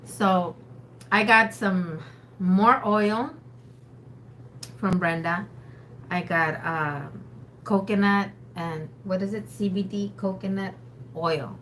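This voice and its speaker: A woman's voice: mid-range voice, slow pace, pauses often, fairly bright tone, a little hiss or hum. A woman co-hosting a casual livestream with a sore throat, chatting directly to viewers. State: sore throat, under the weather. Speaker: livestream co-host.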